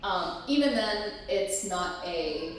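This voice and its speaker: A frank, chatty woman talks loosely through a convention panel, full of "like" and "you know" and the odd swear. Her voice sits at a middling pitch and sounds set back from the mic. A strongly echoing room carries it, with a faint hum underneath. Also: animated, takes it slowly. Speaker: cosplay panel presenter. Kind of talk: casual live panel talk. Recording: echoey room, distant mic.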